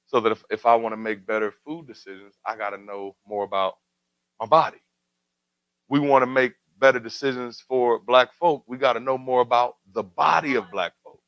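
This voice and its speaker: A man's voice: mid-range voice, moderate pace, fairly bright tone, no echo, poor audio. A man hosting a community talk show, speaking in a preacherly way with rhetorical questions and building emphatic refrains. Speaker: radio show host. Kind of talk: community talk radio commentary.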